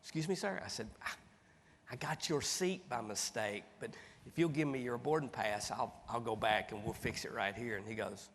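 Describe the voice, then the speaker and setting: A man, telling funny stories as a keynote speaker in a folksy, animated way. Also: fairly low pitch, moderate pace. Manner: folksy, animated, acts out dialogue. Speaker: motivational speaker. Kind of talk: humorous keynote storytelling. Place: large conference hall with audience. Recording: reverberant hall, faint background noise.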